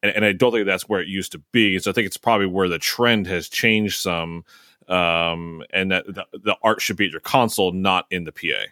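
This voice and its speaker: A man's voice: sits low, steady tone, brisk, pushed and bright, dry recording, studio quality. A man in a casual panel discussion, hesitant and searching for words as he lays out his point.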